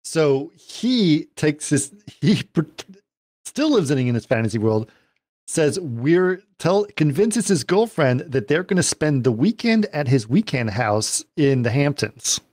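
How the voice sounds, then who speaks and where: A man co-hosting a podcast, telling a story in a relaxed way with plenty of uh fillers. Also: on the high side, measured pace, no echo. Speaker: podcast co-host. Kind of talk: casual chat about a film.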